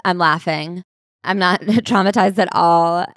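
A woman's voice: lowish voice, fairly even intonation, measured pace, fairly bright tone, dry recording, clean studio sound. Wry woman podcast co-host. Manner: conversational, wry, uses "like" a lot. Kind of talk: casual book-club chat.

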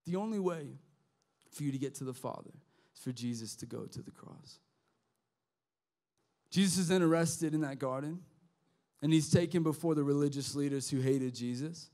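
A man preaching a youth sermon, impassioned and conversational, with slang and restarts, swinging from quiet to shouting. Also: fairly high pitch, moderate pace, pauses often. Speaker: youth pastor. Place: youth service hall.

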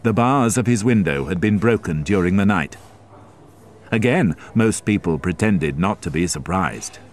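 Male narrator, graded reader, very deep voice, slow careful pace. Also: expressive. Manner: slow, careful, measured reading.

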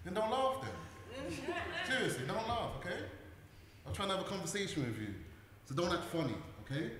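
A man's voice: very high voice, sing-song, fairly quick, fairly bright tone, slight background noise, exaggerated voice. An actor playing a pushy, easily offended young street man on stage, pressing his friend to keep talking. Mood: insistent. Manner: pressing, insistent, confrontational. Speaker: actor in forum theatre. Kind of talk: live stage acting. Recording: echoey hall with audience.

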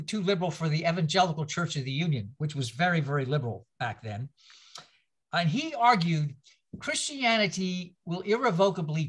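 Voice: medium pitch, fairly bright tone. A teacher leading a church history class, speaking in an informal, rambling lecture full of anecdotes, restarts and asides to the group.

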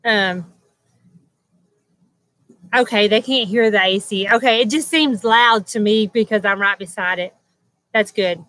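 A woman's voice: medium pitch, a little slow, long pauses, a bit bright, a little hiss or hum, low-quality recording. A woman hosting a casual livestream chat at home, greeting viewers by name and laughing often. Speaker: livestream host. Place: at home beside a loud air conditioner.

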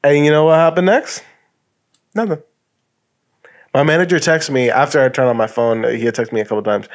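A man's voice: a little high, fairly quick. A young man co-hosting a casual podcast, swearing freely and acting out quotes as he tells stories. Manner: profane, animated storytelling with acted-out quotes. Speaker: podcast co-host. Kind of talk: casual chat.

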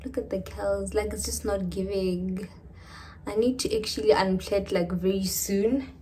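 Slow-talking South African woman vlogger. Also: mid-range voice, dark tone, recorded from a distance. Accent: South African English. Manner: chatty, keeps calling out to viewers as guys. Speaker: lifestyle vlogger. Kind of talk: casual chat to camera. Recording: echoey room, voice off-mic.

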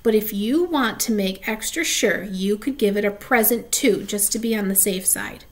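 A woman's voice: medium pitch, moderate pace, lightly acted. Woman doing a theatrical young girl, mysterious, earnest, storybook. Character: imaginative, dramatic young schoolgirl.

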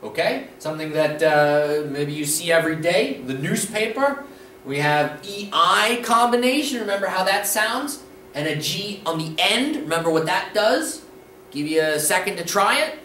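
A man teaching a casual language lesson, saying words slowly and more than once and often checking in with "okay?". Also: high-pitched, animated, pushed and bright, far from the mic, slight background noise. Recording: echoey room, voice a little off-mic.

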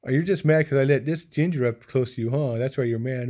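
A man filming his cats at home on his lap, chatting softly and affectionately to them and his viewers in a casual way. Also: medium pitch, fast. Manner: soft, affectionate, talks to the cats in baby talk. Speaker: cat owner vlogger. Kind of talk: casual home video chat to pets and viewers.

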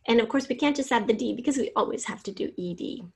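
A woman teacher giving a recorded spelling lesson over slides, spelling out letters slowly and patiently. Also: on the high side, animated, breathy edge.

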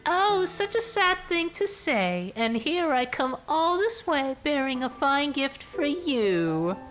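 Emile, a sly, high-voiced sugary envoy, as a man puts him on. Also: big pitch swings, slow, a bit bright, heavily acted, rough recording. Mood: fawning. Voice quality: sugary, ingratiating.

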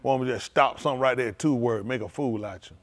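Male pastor, loose vernacular sermon delivery, moves between low murmurs and loud high exclaiming. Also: fast talker. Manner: speaks in informal, vernacular English.

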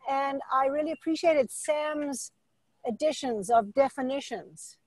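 A woman's voice: high-pitched, unhurried, no room sound, rough recording. A woman with a South African accent, a student joining a webinar by video call from her car, talking in a chatty, rambling way. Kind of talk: casual chat.

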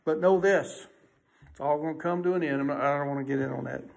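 A man preaching a sermon in a folksy way, emphatic and swinging between loud and hushed delivery. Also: fairly high pitch, fast, vocal fry.

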